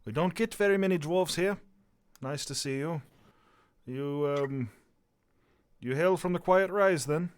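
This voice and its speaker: A man's voice: a little high, a little slow, pauses often, smooth, pitched above the performer's own voice, close to an everyday voice. A man voicing a dignified female dwarf magistrate with a heavy dwarven accent, speaking formally and with some hesitation. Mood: welcoming, weary.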